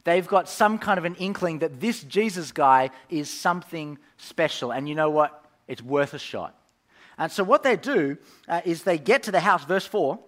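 A man preaching a sermon, telling the story in an animated way with frequent fillers and restarts. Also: on the high side, moderate pace.

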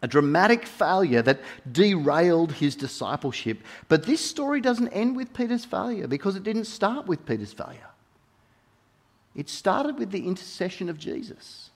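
A man preaching a sermon, swinging between soft, intimate moments and loud, emphatic ones, and repeating key phrases for weight. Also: sits high, very animated, moderate pace.

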